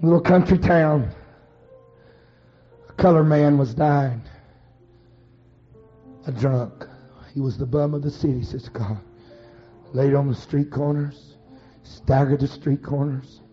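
A man preaching a fervent storytelling sermon, dramatic and swinging from hushed to shouted. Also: mid-range voice, takes it slowly, pauses often, faint music behind. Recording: dull lo-fi recording.

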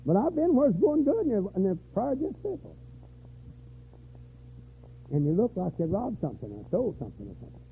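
An older man preaching a revival sermon, dropping to weary low talk and rising to shouted, high-pitched fervor. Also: a little hiss or hum. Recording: tinny lo-fi church recording.

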